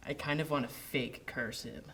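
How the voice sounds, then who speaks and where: A man's voice: mid-range voice, fairly even intonation, moderate pace, bright, forceful tone, a little hiss or hum. A man playing a tabletop game, talking casually and laughing often. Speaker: player.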